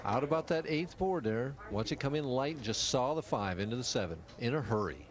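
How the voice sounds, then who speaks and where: A man giving relaxed, analytical color commentary on a bowling broadcast. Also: mid-range voice, a little fast, a crowd in the background. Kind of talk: sports commentary. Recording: noisy old TV broadcast.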